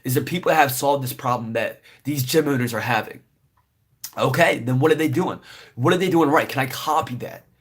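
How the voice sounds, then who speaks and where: A man's voice: mid-range voice, fairly quick, husky. A young man giving casual, rambling business advice to camera, full of fillers and "right?" tags. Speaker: business vlogger.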